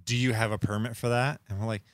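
A man's voice: lowish voice, steady tone, fast talker, dry recording. A man co-hosting a podcast, telling profane, ranting stories in casual chat. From Michigan. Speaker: podcast co-host.

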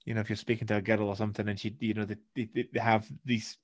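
A man's voice: lowish voice, little pitch movement, fast. A Scottish man co-hosting a podcast, rambling through stories with many fillers. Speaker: podcast co-host. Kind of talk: casual chat.

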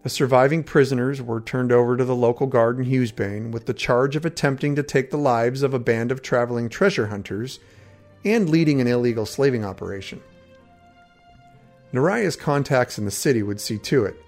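A man narrating a fantasy adventure in the first person. His voice sits at an ordinary middle pitch, and his delivery is steady and dramatic. Quiet music plays underneath. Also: fairly quick. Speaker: storyteller. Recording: faint background music.

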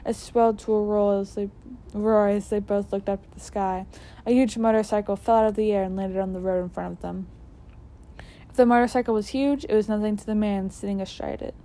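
Woman reading a storybook aloud; mellow, self-correcting. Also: mid-range voice, fairly even intonation, a little fast. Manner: trips on words and corrects herself.

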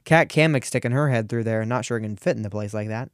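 A man's voice: mid-range voice, quick pace, no room sound, clean studio sound. Teenage man hosting a sarcastic political rant. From Ohio, US. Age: teens. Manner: animated, sarcastic, with frequent restarts. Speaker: radio show host.

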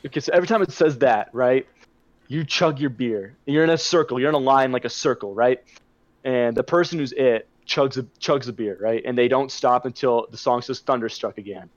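In a muffled, dry recording with no echo, a young man co-hosting a podcast rambles through a party story. He talks fairly quickly at medium pitch, casual and full of swearing.

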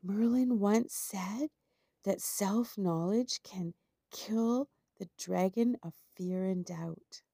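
A woman's voice: lowish voice, normal speed, dark tone, no echo, clean studio sound, natural voice. A woman voicing a knowing female pigeon who passes on what she hears. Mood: hushed. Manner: attentive, informative.

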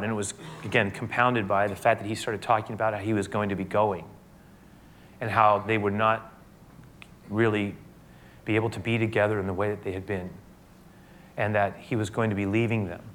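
A male pastor giving a conversational sermon, often restarting phrases and growing louder and higher when he quotes scripture. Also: fairly even intonation, brisk, slight background noise.

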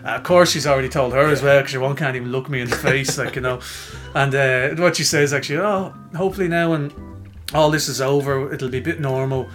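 Animated man telling a story. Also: medium pitch, fairly quick, faint music behind. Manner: animated, self-mocking, acts out quoted voices. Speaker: podcast co-host. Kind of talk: casual storytelling chat.

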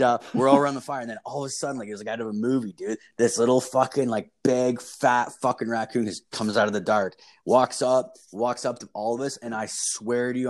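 A young man telling a long story in casual chat, rambling and profane, with lots of fillers. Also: medium pitch.

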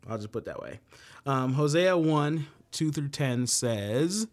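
Reading passages aloud and unpacking them in plain terms, a man runs an informal Bible study, tossing in jokes between readings. His middle-pitched voice has lively intonation and moves a little slowly.

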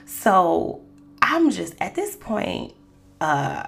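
Woman, Christian testimony podcast, low voice, gravelly texture, chatty storytelling. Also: very animated, very slow, a bit bright, slight background noise. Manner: conversational, storytelling, frequent "you know". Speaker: podcast host.

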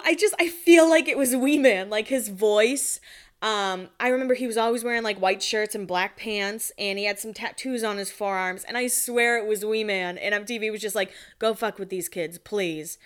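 A woman's voice: medium pitch, moderate pace. A woman in her twenties recapping a reality show in casual chat. She swears often and acts out the quotes. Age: 20s.

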